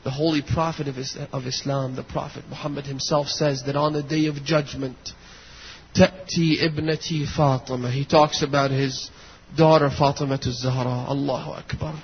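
A man preaching a sermon, telling a story with rising passion and crying shouts. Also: mid-range voice, fairly even intonation, brisk, a little hiss or hum. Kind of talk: impassioned religious sermon. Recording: dull lo-fi recording.

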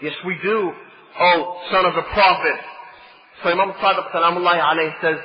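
A man preaching a religious sermon, building to impassioned rhetorical questions and then dropping soft and low. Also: fairly even intonation, brisk, highs cut off.

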